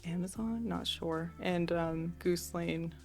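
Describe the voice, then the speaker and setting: A young woman artist, a podcast guest, telling stories in a chatty, relaxed way with many fillers. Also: fairly low pitch, slow pace, faint music behind. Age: young adult. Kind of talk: casual interview storytelling.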